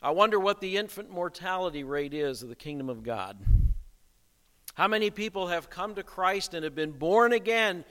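A man's voice: high voice, expressive, moderate pace, a bit bright. A man preaching a sermon, emphatic and posing rhetorical questions to the congregation. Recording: long reverb of a hall.

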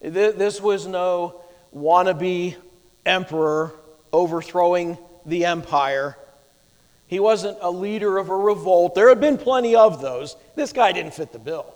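High-voiced man preaching, lots of rhetorical questions, long hall echo. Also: a little slow. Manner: emphatic, teaching with rhetorical questions. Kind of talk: sermon.

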